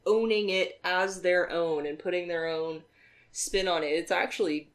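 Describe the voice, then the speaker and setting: A woman's voice: lowish voice, a little slow. A married woman co-hosting a podcast, telling rambling anecdotes with many "um"s and side remarks. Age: adult, married. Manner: rambling storyteller, lots of "um" and asides. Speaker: podcast co-host. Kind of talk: casual chat.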